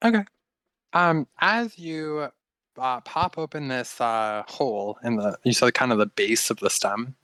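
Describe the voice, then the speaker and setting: A man as game master, narrating a tabletop game in a halting way with many fillers. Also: mid-range voice, sharp tone, no room sound.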